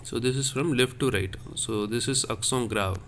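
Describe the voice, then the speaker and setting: Against slight background noise, a man teaches a lesson on French accents at normal speed in a medium-pitched, fairly bright voice. He explains patiently, repeating each point as he goes step by step.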